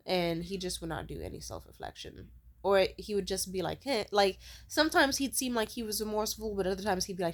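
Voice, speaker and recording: A woman's voice: medium pitch, a little fast. A woman telling a personal story as a casual vlog rant, blunt and heavy on profanity. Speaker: vlogger.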